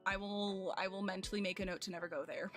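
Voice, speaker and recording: A young woman streamer chats casually from home, her voice bright and clear over faint background music. She rambles and pokes fun at herself, with plenty of fillers. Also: medium pitch, steady tone, quick pace. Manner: rambling, self-deprecating, lots of fillers. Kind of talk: casual chat with chat while gaming.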